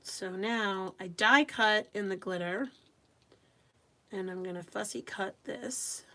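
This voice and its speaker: A woman's voice: medium pitch, slow pace, bright, forceful tone. A woman hosting a live craft stream, chatting casually with viewers and reading their comments aloud as she works. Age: adult with young children. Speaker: craft livestream host.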